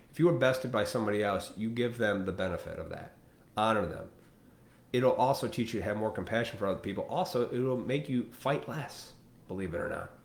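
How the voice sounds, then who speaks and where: A man's voice: fairly low pitch, echoey room. A man hosting a live stream, delivering a blunt, profane, preachy rant straight to his viewers. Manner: blunt, profane, preachy, mimics people in quoted asides.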